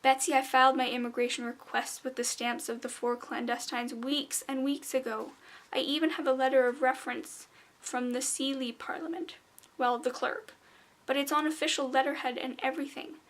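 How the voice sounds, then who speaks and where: A woman's voice: high-pitched, fairly even intonation, slow pace, vocal fry, fairly bright tone, exaggerated voice. A woman voicing a proud, pompous male wind spirit who speaks indignantly and defensively.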